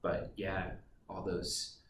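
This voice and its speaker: A man's voice: low voice, completely flat delivery, takes it slowly. A man, a guest dispatcher, explaining casually on a podcast with fillers and dry jokes. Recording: roomy, distant mic with background noise.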